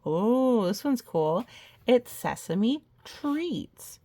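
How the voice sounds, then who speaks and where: A woman's voice: mid-range voice, expressive, slow, gravelly, darkish tone. A woman reading a children's picture book aloud, adding chatty, playful asides. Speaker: storybook reader.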